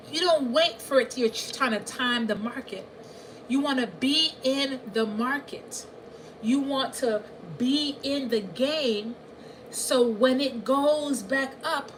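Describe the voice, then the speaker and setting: A woman coaching an audience on money in a lively, repetitive way, often checking that listeners are following. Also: high voice, a little hiss or hum, rough recording. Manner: animated, repeats herself, asks listeners if they hear her. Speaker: financial coach. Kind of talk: live coaching session.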